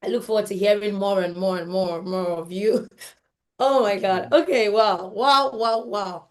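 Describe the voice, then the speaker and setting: A woman's voice: medium pitch, moderate pace. A woman hosting a live event, gushing and exclaiming, and laughing often between her remarks. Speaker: event host.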